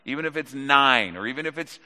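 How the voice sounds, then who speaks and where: A middle-aged man preaching a sermon, earnest and emphatic, repeating lines for stress and swinging between loud and hushed. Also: medium pitch, lively intonation, brisk. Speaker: pastor. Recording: reverberant hall.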